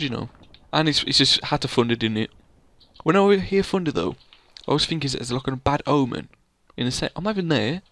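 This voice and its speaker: A man's voice: fairly high pitch, fairly bright tone, no room sound. Rambling guy gaming. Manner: rambling, playful, teasing his co-player. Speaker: let's play gamer. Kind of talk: casual gameplay commentary.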